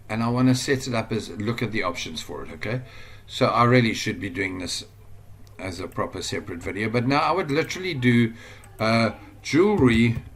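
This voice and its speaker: A man with a South African accent giving a casual screen-share tutorial on online business, rambling and thinking aloud with excitable bursts. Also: medium pitch.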